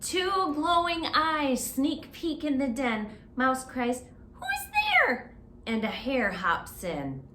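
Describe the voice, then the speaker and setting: A woman's voice: high voice, lively intonation, takes it slowly, few pauses, a bit bright, echoey room, a little hiss or hum. A woman librarian reading a picture book aloud at children's story time, stopping often to ask the children questions. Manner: interactive, asks children questions.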